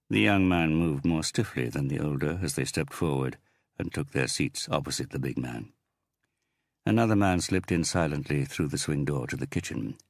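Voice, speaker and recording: Audiobook narrator, man: very deep, gravelly, husky, dry close read. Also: dry recording.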